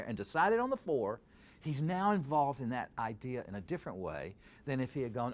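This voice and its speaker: Lively older man explaining verse. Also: medium pitch, brisk. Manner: animated, quotes verse aloud to show stresses. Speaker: Shakespeare scholar and director. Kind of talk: interview answers.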